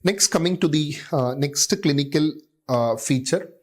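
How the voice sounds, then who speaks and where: A man's voice: fairly high pitch, a little slow. A man giving a clinical medicine lecture. He often says "okay" and "uh" and repeats key terms to drive them home.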